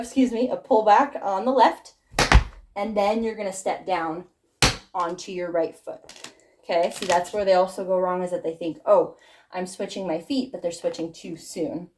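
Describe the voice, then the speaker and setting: A woman's voice: on the low side, background noise. A woman tap dance teacher talking through steps and counting them aloud in a friendly, encouraging way, a bit out of breath. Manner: friendly, encouraging, laughs at her own slips. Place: dance studio. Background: tap shoe clicks.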